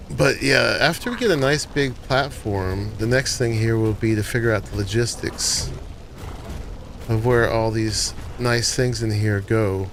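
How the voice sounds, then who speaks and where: Relaxed man chatting over gameplay. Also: on the low side, gravelly, a little hiss or hum. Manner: relaxed, thinking aloud while playing. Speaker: gaming channel host. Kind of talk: casual gameplay commentary.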